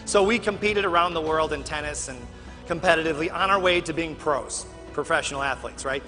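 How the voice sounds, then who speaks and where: A man from Chicago giving a keynote speech, telling animated stories and acting out other people's lines in a large convention hall. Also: a little high, brisk, soft background music. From Chicago, USA. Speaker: keynote speaker.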